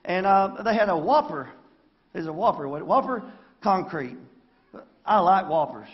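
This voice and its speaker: A high-voiced Southern pastor from Arkansas preaches folksily in a church sanctuary, with lively intonation and a measured pace. He keeps calling for amens from the congregation, and the recording's highs are cut off.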